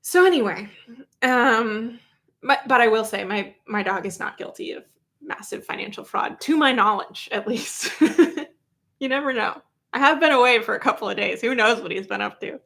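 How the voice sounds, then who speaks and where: Wry woman host recapping the news: casual, filler-heavy, pitched a bit high. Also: moderate pace, vocal fry, sharp tone. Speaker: trial reporter and host.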